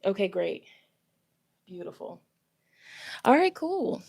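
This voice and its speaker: A woman's voice: mid-range voice, very animated, takes it slowly, vocal fry, a little mellow, slightly rough, no echo, clean studio sound. A young woman hosting a tarot live stream, chatting casually and animatedly with her viewers and laughing often.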